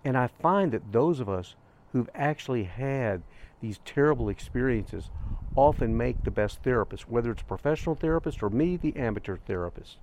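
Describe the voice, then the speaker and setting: Older man, vlog host, earnest and gentle storyteller, mid-pitched voice, reflective pacing. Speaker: grief podcast host. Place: outdoors on a hiking trail.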